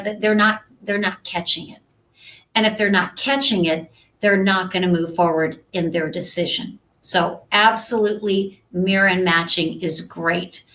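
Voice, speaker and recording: A woman's voice: mid-range voice, unhurried, fairly bright tone, low-quality recording. Chatty woman coaching live. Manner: conversational, checks in with "right?" and "okay?". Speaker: sales trainer. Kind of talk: live-stream coaching talk.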